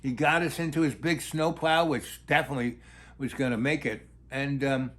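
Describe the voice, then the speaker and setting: A man telling a long, rambling personal anecdote in a halting way, with many restarts. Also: mid-range voice, steady tone, a bit bright. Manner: halting, full of fillers and restarts, acts out quoted voices. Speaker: storyteller.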